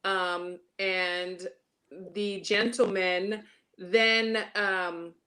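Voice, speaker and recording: Woman, talk show host, casual chat, animated, filler-heavy, average pitch. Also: drawn-out words.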